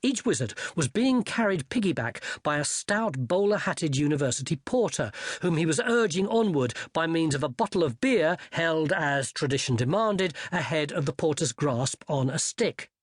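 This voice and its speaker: Animated storyteller reading a comic novel. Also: medium pitch, moderate pace, few pauses, slightly rough, no echo, clean studio sound. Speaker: audiobook narrator. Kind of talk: scripted narration of a comic fantasy novel.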